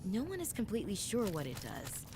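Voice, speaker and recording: A young woman voicing a thoughtful explorer, speaking softly and musingly, heard from game audio. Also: medium pitch, huge pitch swings, fairly quick, background noise. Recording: game audio with loud ambience.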